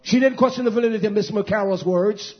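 A middle-aged man preaching a fiery sermon, scolding, dropping to low mutters and whispers, then rising into loud outbursts. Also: fast talker. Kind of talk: fiery street-style sermon. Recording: muffled lo-fi recording.

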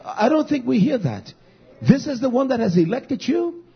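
A man's voice: very high-pitched, big pitch swings, moderate pace, gravelly, breathy edge, lo-fi sound. A man preaching a sermon, exhorting and calling out to the congregation.

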